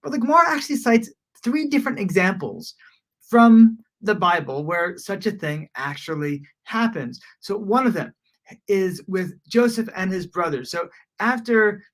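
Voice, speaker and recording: A woman teaching a daily Talmud lesson in a casual, conversational way, often pausing on "you know" and restarting her sentences. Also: mid-range voice.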